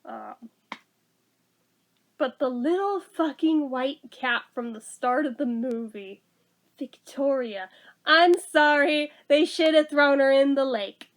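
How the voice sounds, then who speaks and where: A woman's voice: high voice, slow pace. A woman giving a casual movie review, sarcastic and blunt, swearing freely.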